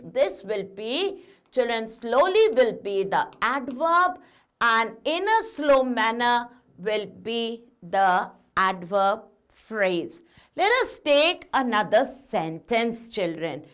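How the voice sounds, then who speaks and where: A woman teaching a grammar lesson, speaking slowly and emphatically and putting questions to her students. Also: a little high, big pitch swings, fairly bright tone.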